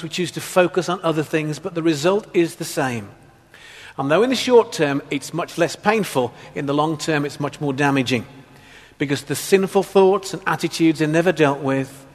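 Guy preaching a sermon, kinda high voice, lots of hall reverb, jokey stories between the scripture bits. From England, Black Country. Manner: humorous storytelling preacher.

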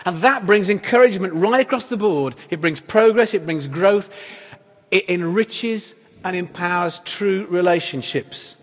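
A man's voice: high-pitched, unhurried. A man preaching a sermon as pastor, in a conversational, wry style full of rhetorical questions. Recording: echoey hall reverb.

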